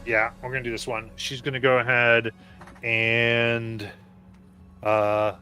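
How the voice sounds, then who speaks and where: A man's voice: medium pitch, little pitch movement, takes it slowly, bright, forceful tone, soft background music. A man acting as game master, calling for saves and narrating turns in a tabletop game.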